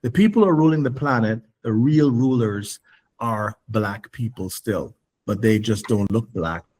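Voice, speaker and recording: A man's voice: on the low side, a little slow, a little mellow. A man speaking as an interview guest, emphatic and insistent, often repeating words as he presses a point and acting out imagined questions. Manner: acts out imagined questions in a raised voice. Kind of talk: interview conversation.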